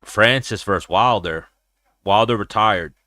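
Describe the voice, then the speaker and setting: Casting: brash young male host, lowish voice with a bright, forceful edge, dry close sound, profane rambling storyteller. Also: a little slow, dry recording. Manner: profane, rambling storyteller who slips into impressions. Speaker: show host. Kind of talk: casual livestream chat.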